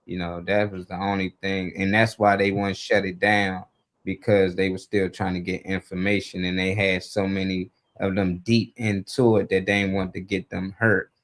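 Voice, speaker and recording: A man's voice: sits low, flat delivery, normal speed. A man hosting a live morning talk show in casual chat, rambling loosely and laughing between his points.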